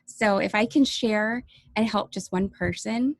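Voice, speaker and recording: A woman coach speaks earnestly to her viewers in a personal vlog, pausing often and sometimes close to tears. Her voice has a slightly gravelly fry. The sound is close and dry. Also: mid-range voice, no echo. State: teary-eyed. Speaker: life coach and YouTuber.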